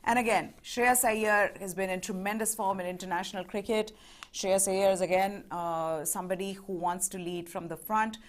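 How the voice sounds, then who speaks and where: A woman co-hosting a live fantasy cricket show in a studio, chatting in a lively, conversational way and leading the segment. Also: mid-range voice, normal speed. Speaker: co-host.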